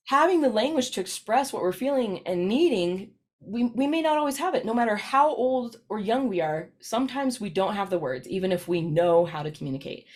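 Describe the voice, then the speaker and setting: A woman giving a professional presentation, talking in a relaxed, anecdotal way and tossing in "right?" to keep listeners with her. Her pitch sits in an ordinary middle range. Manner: chatty, storytelling, frequent "right?" tag questions.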